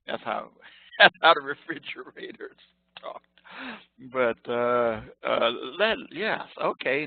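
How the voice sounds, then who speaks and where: A man's voice: medium pitch, lively intonation, a little slow, creaky, dry recording. Chatty older man on a tinny line. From Chicago. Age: 60s. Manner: chatty, joking, laughs often, digresses. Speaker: college professor. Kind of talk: informal online lecture. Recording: tinny phone-like line, dry.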